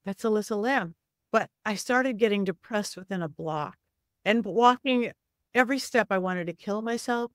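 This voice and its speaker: A middle-aged woman, a psychic medium, telling a story with lively swings in her voice and acting out the people in it. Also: dry recording, studio quality. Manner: acts out voices in quotes, lively swings of pitch. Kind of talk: animated storytelling.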